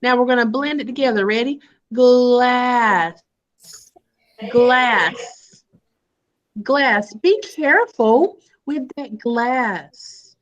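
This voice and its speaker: A woman teaching a live online phonics lesson to young children over a video call, sounding out letters in a slow sing-song way. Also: high-pitched, animated, lo-fi sound.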